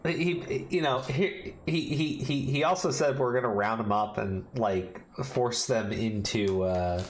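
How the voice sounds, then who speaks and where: A man's voice: medium pitch, measured pace. A man co-hosting a casual commentary podcast, reading an article aloud and breaking off to swear and react in disbelief.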